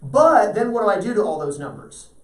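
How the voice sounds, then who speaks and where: A man's voice: high voice, sing-song, a little fast. A man teaching a math class, talking through problems and often checking whether students follow. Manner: asks the class frequent check-in questions. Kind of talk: classroom lecture. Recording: roomy echo, voice from far off.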